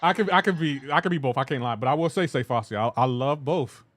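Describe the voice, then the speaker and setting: A man's voice: on the high side, animated, racing, a bit bright. Chatty man streaming a game live. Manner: rambling, laid-back, laughs often, talks to chat by name. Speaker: livestreaming gamer. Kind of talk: casual chat with live viewers while gaming.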